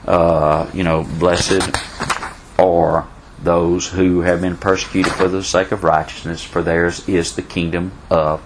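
A man's voice: low voice, flat delivery, a little slow, a little hiss or hum, poor audio. A man teaching a Bible study class in a folksy way, repeating himself and answering questions from the class.

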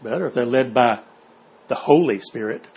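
A man leading an informal Bible study, reading verses aloud and explaining them in plain words. He keeps checking in with his listeners through quick rhetorical questions. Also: medium pitch, vocal fry, a little mellow, poor audio. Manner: asks rhetorical questions, checks in with "okay?" and "see?". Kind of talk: informal Bible class teaching.

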